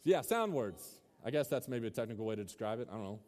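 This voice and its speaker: A man's voice: medium pitch, very animated, fast talker, a little mellow. A young man preaching a casual, joking sermon to a student crowd and quizzing them as he goes. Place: large hall with a live audience. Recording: hall reverb.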